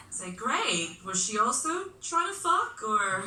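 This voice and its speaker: A woman's voice: on the high side, very animated, slow pace, noisy background. A woman with a middle-class Belfast accent performing a live stand-up set on a club stage, wry and self-mocking with punchy delivery. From Belfast, Northern Ireland. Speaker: stand-up comedian. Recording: echoey club room from far off.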